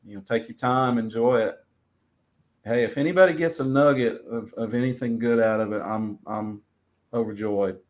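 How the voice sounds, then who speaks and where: Relaxed, rambling male musician guest. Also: medium pitch, normal speed. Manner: relaxed, rambling, many fillers. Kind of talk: casual interview.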